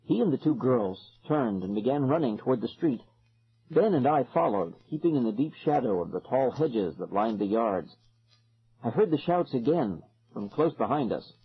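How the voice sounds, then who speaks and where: A man narrates a horror audiobook in the first person, with a husky, breathy voice and a lively, swinging delivery. The audio is dull and lo-fi, like an older recording. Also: mid-range voice, moderate pace. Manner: dramatic, expressive.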